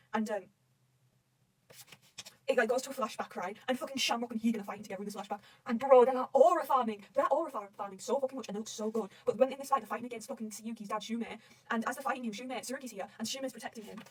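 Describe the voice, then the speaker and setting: A woman's voice: a little high, husky, distant mic, rough recording. A young woman gushing and rambling through a manga recap, swearing constantly. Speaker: manga reader reacting. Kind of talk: excited recap chat.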